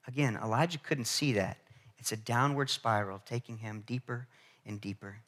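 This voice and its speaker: A man's voice: medium pitch, normal speed. A man preaching a sermon as pastor, talking conversationally with restarts and calling out to the congregation. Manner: animated, conversational, with frequent repetitions and restarts; calls to the congregation for response.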